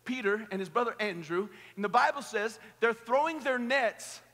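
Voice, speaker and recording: A male pastor with a very high, bright, ringing voice preaches to a youth camp crowd. He jokes around and leads the room in call-and-response. The sound carries a long hall echo. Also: lively intonation, normal speed. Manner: playful, joking, rallying the crowd. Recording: echoey hall.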